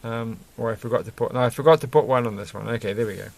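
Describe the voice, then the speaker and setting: A man's voice: mid-range voice, very fast, vocal fry, darkish tone. A man chatting casually and rambling while he builds a toy set, chuckling often and breaking off mid-sentence. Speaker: vlogger building Lego sets.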